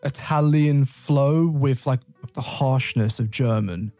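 A man with a Northern English accent co-hosting a podcast, upbeat and quick to laugh. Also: mid-range voice, mellow, soft background music. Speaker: podcast co-host, English teacher. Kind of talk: casual podcast chat.

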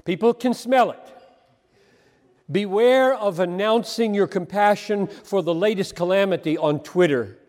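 Male preacher, high-pitched, impassioned sermon delivery in a hall with a long reverb. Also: unhurried, a little mellow. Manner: impassioned, emphatic, repeats words for stress.

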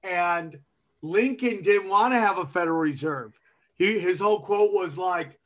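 A man's voice: high-pitched, expressive, unhurried. A man co-hosting a comedy podcast, chatting in a loose, joking, profane way and calling people dude and man. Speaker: podcast co-host. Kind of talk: casual comedic chat.

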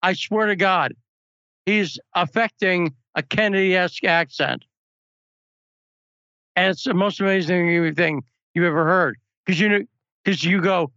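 A man's voice: sits high, normal speed, sharp tone, dry recording, highs cut off. A man hosting a political talk show, chatting casually and telling anecdotes. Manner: chatty, storytelling asides.

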